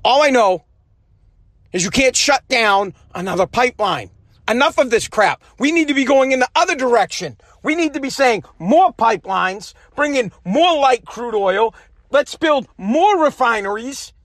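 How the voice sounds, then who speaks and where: A man hosting his own podcast from a home basement, delivering an angry, profane political rant that swings between shouting and muttering. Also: very high voice, expressive, normal speed, dry recording. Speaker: podcast host.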